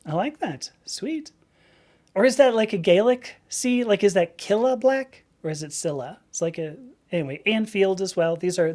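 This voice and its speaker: Rambling woman chatting on a livestream. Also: mid-range voice. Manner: rambling, laughs often, many restarts. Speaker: live streamer host. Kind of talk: casual live-stream chat.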